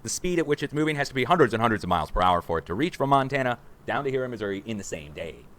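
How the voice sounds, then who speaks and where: Fast-talking excitable man in his forties. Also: medium pitch. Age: 40s. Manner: excitable, conspiratorial, addresses viewers as guys. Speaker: livestream host. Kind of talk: rambling livestream commentary. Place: home room.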